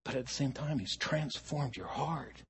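A man preaching a sermon as pastor, animated, swinging from loud emphasis to near hush. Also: medium pitch, normal speed, slight background noise.

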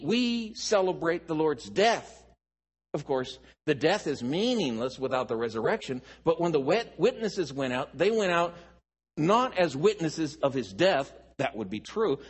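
Husky-voiced guy preaching slow, lots of up and down, big reverby church hall. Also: fairly high pitch. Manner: slow, deliberate, rhetorical questions then answers. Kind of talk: expository Bible teaching sermon.

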